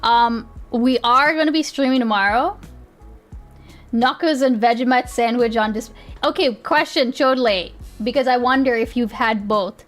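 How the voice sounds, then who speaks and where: A woman's voice: fairly high pitch, normal speed, soft background music. A young woman streamer chatting casually with her viewers. She rambles, laughs often and swears easily. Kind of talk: casual live-stream chat.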